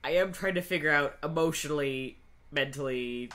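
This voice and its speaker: A man's voice: a little high, normal speed, bright, forceful tone. A man playing a tabletop role-playing game, wry and laid-back, swearing casually. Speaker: player.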